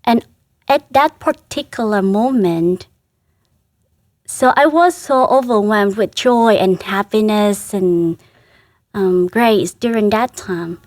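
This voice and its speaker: A woman's voice: medium pitch, dry recording, clean studio sound. Earnest woman, religious sister guest. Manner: earnest, halting, emotional recollection. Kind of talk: interview conversation.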